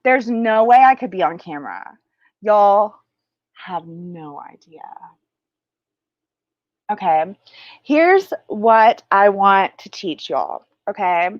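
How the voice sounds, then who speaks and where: A woman's voice: medium pitch, very animated, dry recording, lo-fi sound. A woman hosting a spiritual livestream, chatting casually and crassly, rambling and losing her train of thought. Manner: slow, drawn-out teaching delivery.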